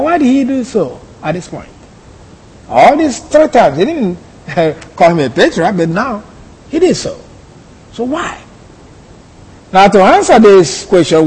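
Guy teaching a bible lesson real slow, husky voice, big echoey hall. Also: high voice, a little mellow. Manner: slow, deliberate, repeats key phrases. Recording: long hall reverb.

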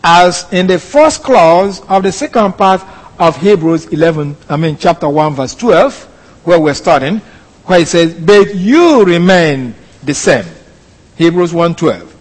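A man with a high voice gives a verse-by-verse Bible lesson, explaining each point slowly. His delivery is measured and careful, and he sometimes stops to correct himself. The sound rings with the long reverb of a hall. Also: lively intonation. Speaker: Bible teacher.

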